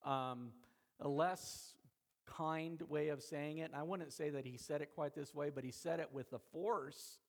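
A man delivers a Sunday sermon with a somewhat high-pitched voice. He preaches in a conversational way and keeps checking in with his listeners. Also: fairly even intonation, unhurried, creaky. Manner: conversational preaching, frequent "okay?" check-ins. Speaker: pastor.

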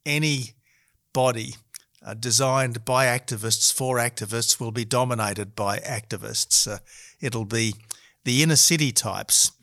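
A middle-aged Australian man, a politician being interviewed, who argues in a measured way and often hesitates. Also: medium pitch, a bit bright, dry recording, studio quality. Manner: measured and argumentative, frequent hesitations. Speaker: politician guest.

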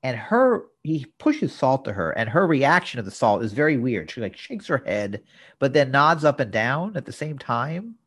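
A man's voice: medium pitch, very animated, moderate pace, a bit bright, slightly rough. A man co-hosting a podcast, retelling a sitcom episode's plot in detail with dry asides. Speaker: podcast co-host. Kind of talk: casual episode recap.

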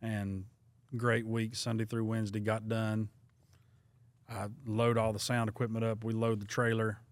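A man's voice: fairly low pitch, completely flat delivery, normal speed, no room sound. A man, an evangelist telling a self-deprecating story in a casual chat. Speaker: evangelist guest.

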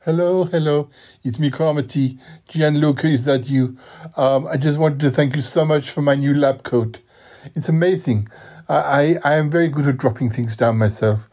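A man's voice: on the high side, normal speed, warm tone, voice pushed up, close to an everyday voice. Man doing Carmody, a stammering clumsy scientist. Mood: effusive. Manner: effusive, stammering. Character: clumsy, grateful male scientist.

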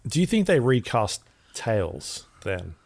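A man's voice: mid-range voice, very animated, slow, creaky, darkish tone. A man co-hosting a podcast, chatting casually, often asking questions and hesitating. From Australia. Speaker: podcast co-host. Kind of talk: casual chat.

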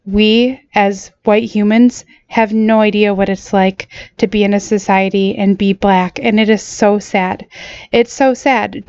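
A woman hosting her own podcast, talking earnestly and haltingly, choked up and apologetic. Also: medium pitch, darkish tone, clear, resonant tone, no echo, dull audio. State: choked up, voice sounds different. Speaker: podcast host. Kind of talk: solo podcast talk.

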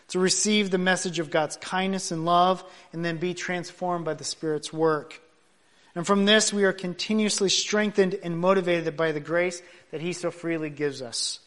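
A man preaching a sermon, building to loud emphatic points and dropping soft at the ends of thoughts. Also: high voice. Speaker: pastor.

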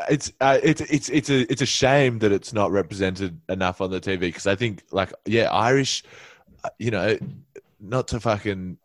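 Low-voiced man, dry close sound. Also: no room sound. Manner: halting, repeats words, swears casually. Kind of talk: casual chat.

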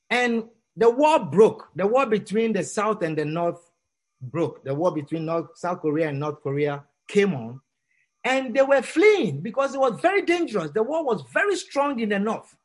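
A man preaching to a congregation, telling a story dramatically and acting out the characters' lines, dropping to a hush and then rising almost to a shout. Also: high-pitched. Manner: dramatic, swings from hushed to near-shouting; acts out quoted characters.

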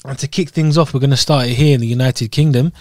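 A man's voice: medium pitch, quick pace, a little mellow. A young man from Scotland co-hosting a podcast in loose, rambling, jokey chat. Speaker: podcast co-host. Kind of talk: casual chat.

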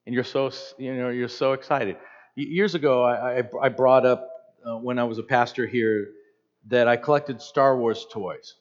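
A pastor in his fifties preaching a sermon in an animated, conversational way with joking asides. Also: mid-range voice, moderate pace. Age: 50s. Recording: slightly dull lo-fi sound.

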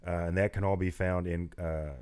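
A man with a very deep voice co-hosts a casual talk podcast. He reads verses aloud and adds short remarks of his own. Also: level tone, normal speed, a little mellow, a little hiss or hum. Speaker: podcast co-host. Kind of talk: casual chat, reading scripture aloud.

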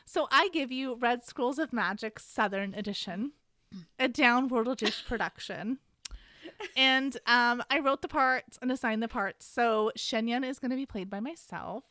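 A woman hosting a podcast, giving a chatty, animated casual recap of a book. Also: fairly high pitch, measured pace, no echo, clean studio sound. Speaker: podcast host.

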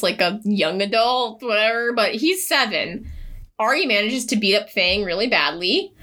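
A woman's voice: mid-range voice, bright, forceful tone. A young woman casually recapping a book on a podcast, chatty and sarcastic, laughing often. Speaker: podcast co-host.

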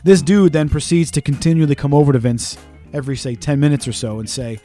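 Slightly high yet dark in tone, this man's voice stays steady as he co-hosts a podcast with soft music in the background. He tells stories fast in casual chat, swearing plenty and acting out quotes.

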